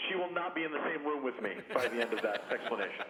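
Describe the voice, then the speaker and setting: A man's voice: mid-range voice, animated, fast talker, crowd noise. A comedian phoning in, rambling and self-mocking, often laughing at his own jokes. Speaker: comedian guest. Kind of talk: phoned-in comedy chat. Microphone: phone. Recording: muffled echoey phone line with noise.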